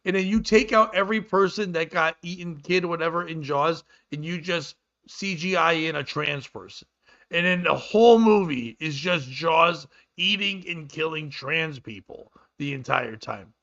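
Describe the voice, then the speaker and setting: A man's voice: on the high side, normal speed, a bit bright. A man hosting a comedy podcast, ranting in a rambling, profane way. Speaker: podcast host. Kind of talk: casual comedic chat. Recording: dull lo-fi sound.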